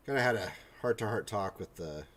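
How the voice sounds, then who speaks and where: A man's voice: fairly low pitch, animated, fairly quick, noisy background. A man in his forties hosting a live stream, chatting casually and joking while painting miniatures in his home hobby room. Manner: rambling, joking, self-deprecating asides. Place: home hobby room with a printer and air purifier.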